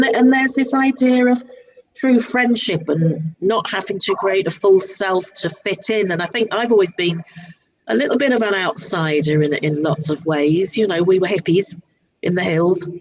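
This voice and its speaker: A woman in her sixties with a southern English accent, chatting as a guest author in a relaxed interview, rambling and restarting her sentences often. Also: mid-range voice. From southern England. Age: 60s. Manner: rambling, frequent restarts and repeated words. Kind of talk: casual interview chat.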